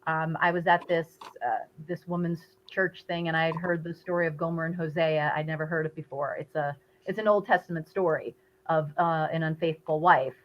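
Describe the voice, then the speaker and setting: A woman with a fairly low voice answers questions as an actress guest. She speaks in a chatty, slightly hesitant way. Her audio comes through dull, as from a remote call. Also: steady tone, moderate pace, a little hiss or hum. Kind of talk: interview answers.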